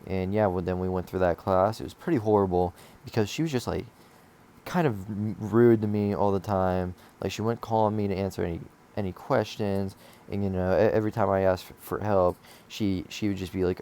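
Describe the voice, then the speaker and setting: A man's voice: deep voice, steady tone, brisk, dark tone. A young man telling a casual storytime, rambling and swearing with lots of fillers and restarts. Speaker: vlogger telling a school story.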